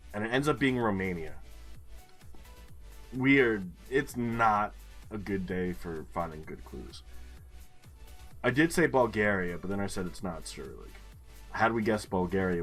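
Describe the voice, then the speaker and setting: Low-voiced man swearing through game commentary. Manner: swears a lot, thinks aloud, excitable. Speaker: gaming video host. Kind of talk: casual let's-play commentary.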